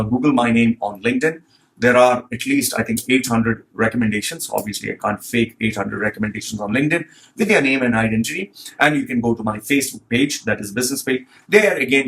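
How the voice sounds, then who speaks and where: A man's voice: mid-range voice, a bit bright. A man hosting a commentary vlog as a resume consultant, blunt and profane as he rants.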